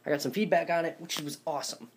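A man's voice: on the high side, fast, slight background noise. A young man giving a casual, rambling video tutorial on voice impressions, full of fillers and self-deprecating asides. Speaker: voice impressions teacher. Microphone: phone or webcam.

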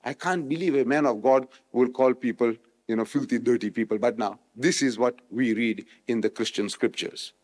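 A man from South Africa giving a public religious lecture, switching between loud rhetorical questions and quiet explanation. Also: medium pitch, normal speed, few pauses. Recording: echoey hall, old remastered recording.

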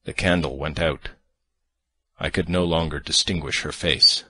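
A male narrator reads an audiobook in a measured, sardonic first-person voice. His voice is extremely low, with a bright, forceful edge. The recording is dry and close, with no room echo. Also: steady tone.

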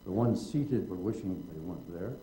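An older man with a low, very dark and mellow voice spins a wry, digressive story on stage. He slips into the voices of the people he describes. The sound carries a roomy hall echo. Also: lively intonation, moderate pace, a little hiss or hum. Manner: wry, digressive storyteller who acts out quotes. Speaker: guest writer in public conversation. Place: auditorium at a public event.

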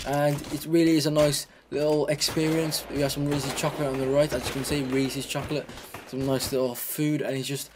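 A young man talks through his gameplay in a loose, rambling way, doubling back on his words as he goes. His voice sits at an ordinary middle pitch. Gunfire and game noise run clearly behind him. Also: a little mellow. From Britain. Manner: chatty, rambling, repeats words and restarts. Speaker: gaming commentator. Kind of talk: casual gameplay commentary.

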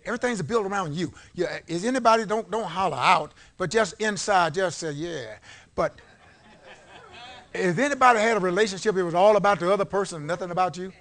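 A man preaching a sermon in a church, leading call-and-response and swinging from low talk to shouted peaks. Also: a little fast. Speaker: pastor. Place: church sanctuary before a congregation. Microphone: live-streamed service mic.

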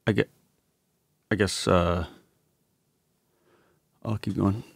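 A man's voice: low-pitched, fairly even intonation, slow, vocal fry, breathy edge, no room sound. A man chatting casually on a livestream while producing music, muttering to himself, swearing and mocking himself. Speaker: music producer streaming a session. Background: music from the session.

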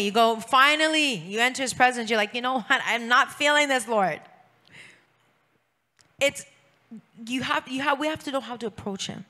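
A woman's voice: on the high side, sharp tone. A woman preaching a sermon to a congregation, repeating phrases for emphasis and urging the listeners to call back to her. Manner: urges the congregation to respond aloud.

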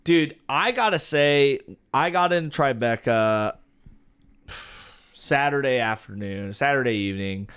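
A man's voice: mid-range voice, animated, unhurried, a bit bright, clean tone. A young man co-hosting a podcast, chatting easily and leaning on "dude" and "like". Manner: easygoing, says "dude" and "like" a lot. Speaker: podcast co-host. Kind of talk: casual chat.

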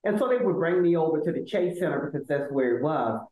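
An older woman from Selma, Alabama with a Southern accent, speaking as a guest in an interview, animated and emphatic, often repeating words as she builds a point. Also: low-pitched, fast. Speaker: law school administrator, guest. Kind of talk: conversational interview. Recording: echoey room.

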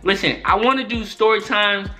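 A young man telling a story-time vlog in an exasperated, profane, animated way. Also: high-pitched, normal speed, faint music behind. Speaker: YouTuber.

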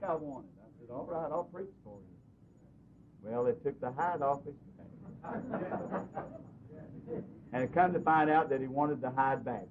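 A man preaching in a church, telling a personal story earnestly, his voice swinging between loud and soft. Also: animated, measured pace, pauses often. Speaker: pastor. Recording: dull lo-fi recording with faint hiss and rumble.

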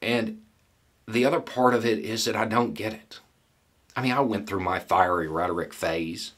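A middle-aged man delivers a solo commentary in a deep, husky voice. He talks bluntly and folksily, pausing deliberately and pressing his point with rhetorical questions. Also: fairly bright tone. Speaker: political commentator.

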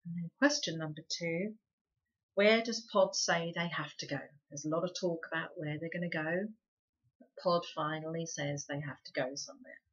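A woman reading a children's book aloud for a book club, with a lively, dramatic storyteller's delivery. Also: low voice, moderate pace, breathy edge. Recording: dull lo-fi recording.

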